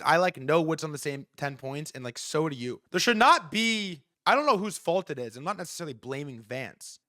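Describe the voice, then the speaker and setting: Young guy streamer ranting, swears a lot, voice jumps all over, kinda high, dry close mic. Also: dry recording. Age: young adult. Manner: animated, profane, acts out quoted figures. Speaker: livestream host. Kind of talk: casual commentary rant.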